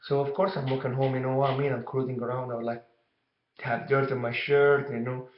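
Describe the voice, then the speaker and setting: A young man tells a childhood story casually to camera, rambling and halting with lots of "you know". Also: mid-range voice, level tone, slight background noise. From Egypt. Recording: dull, echoey room recording.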